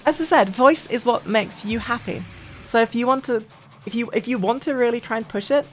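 A gaming streamer giving a casual voice-training tutorial in a lively, sing-song way, often restarting sentences. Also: a little fast, soft background music. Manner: lively, sing-song delivery with frequent restarts, dropping into deep demo voices.

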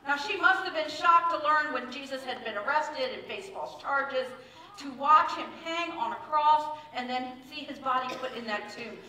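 A woman's voice: high-pitched, moderate pace, sharp tone, a little hiss or hum. A woman pastor giving a conversational sermon in a church, telling the story with acted-out quotes. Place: church sanctuary. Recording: echoey church room, mic at a distance.

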